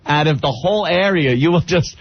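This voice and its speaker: A man's voice: on the high side, fairly quick, no echo. A man co-hosting a radio talk show, bantering with sarcastic glee. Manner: sarcastic, gleeful. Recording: dull lo-fi radio broadcast.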